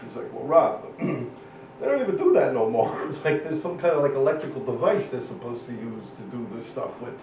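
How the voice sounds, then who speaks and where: A man's voice: fairly high pitch, a little mellow, slight background noise. A man in his fifties, a guest telling stories in a casual, profane, rambling street manner. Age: 50s. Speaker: interview guest. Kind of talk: casual storytelling. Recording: roomy, distant, dull lo-fi.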